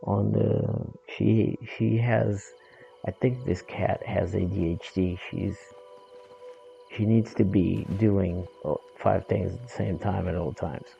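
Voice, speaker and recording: A man's voice: lowish voice, fairly even intonation, slow pace, creaky, warm tone, dull audio, faint music behind. A male streamer chatting casually while gaming, rambling, swearing and joking.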